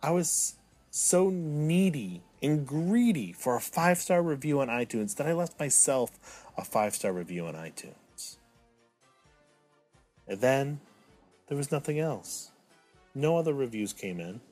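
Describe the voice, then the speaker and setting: A man's voice: medium pitch, big pitch swings, measured pace, darkish tone, faint music behind. Theatrical man in his thirties hosting. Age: 30s. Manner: mock-dramatic, swinging from self-pitying to indignant. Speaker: podcast host. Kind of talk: solo podcast monologue.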